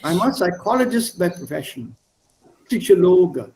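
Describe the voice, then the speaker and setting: A man's voice: high-pitched, lively intonation, measured pace, a little mellow, low-quality recording. A man teaching an online class over a video call, repeating and spelling words and coaxing his students to speak. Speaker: language teacher.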